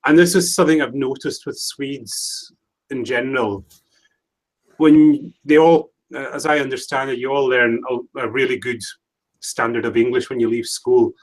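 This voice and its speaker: A man's voice: mid-range voice, normal speed. Rambling male livestream host. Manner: rambling, hesitant, many restarts. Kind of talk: casual chat. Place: home livestream setup.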